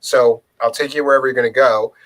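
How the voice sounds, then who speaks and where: A man's voice: medium pitch, fast, low-quality recording. A man from around Philadelphia telling stories in casual chat, acting out the lines he quotes. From Philadelphia area. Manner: storytelling, animated, acts out quoted lines. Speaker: co-host.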